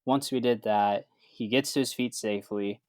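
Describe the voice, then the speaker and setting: A man's voice: on the low side, moderate pace, no echo. A man, a certified athletic trainer, telling a story in a casual way, full of fillers, and acting out the dialogue. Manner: relaxed, acts out quoted dialogue with lots of fillers.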